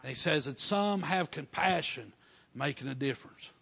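A middle-aged man delivers a folksy storytelling sermon, his high, expressive voice gravelly and slightly rough. He draws out words for emphasis in a folksy dialect and builds fervently to loud shouts of praise.

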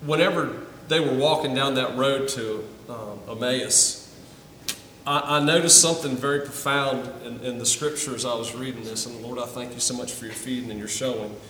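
Man, pastor, sermon, earnest, stammered restarts, distant mic, long church reverb, faint rumble. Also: fairly bright tone. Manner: earnest, repeats words when starting phrases. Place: church sanctuary. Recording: roomy hall, from a distance.

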